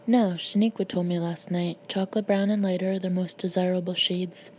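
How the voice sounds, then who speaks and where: A woman's voice: lowish voice, little pitch movement, fairly quick, darkish tone, lo-fi sound, slight background noise, lightly acted. A woman doing a bossy oblivious old dad. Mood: chatty.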